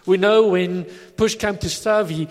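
A man's voice: sits high, a little slow. A man preaching a sermon in a conversational, reflective way, recorded in a church hall. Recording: long hall reverb.

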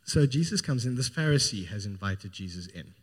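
A man's voice: lowish voice, animated, fairly quick, husky. A man preaching a sermon, retelling a Gospel story in an informal, storytelling way. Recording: long hall reverb.

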